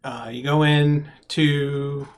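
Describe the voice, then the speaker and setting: A man running a tabletop game as game master, talking in a halting way with many pauses and restarts. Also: on the high side, little pitch movement. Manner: halting, full of ums and restarts.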